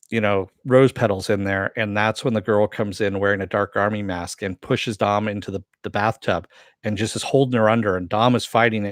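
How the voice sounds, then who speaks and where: A man's voice: dry recording, studio quality. A man giving a casual, rambling recap of a TV episode, full of fillers and chuckles. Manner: loose storytelling with many fillers, chuckles often; voices the characters' lines with a lifted pitch. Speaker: TV reviewer.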